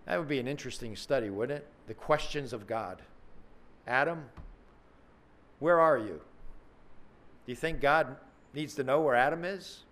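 A man's voice: mid-range voice, fairly quick, hardly any pauses, a bit bright. A man preaching a sermon in a conversational, earnest way, acting out questions with dramatic emphasis.

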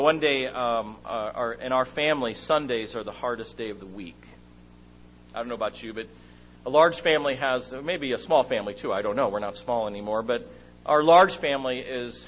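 A middle-aged man preaching and telling a family story, acting out moments as he goes. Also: mid-range voice. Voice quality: lively storyteller, acts out his own shouting and whispering. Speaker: speaker at a church meeting. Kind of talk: sermon with personal stories. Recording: dull lo-fi recording with faint hum.

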